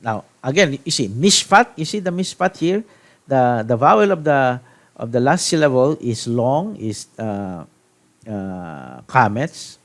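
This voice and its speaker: A man from the Philippines teaching a Hebrew grammar lesson, deliberate, checking in with "okay?" and restarting phrases. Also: mid-range voice, very animated. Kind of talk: classroom grammar lecture.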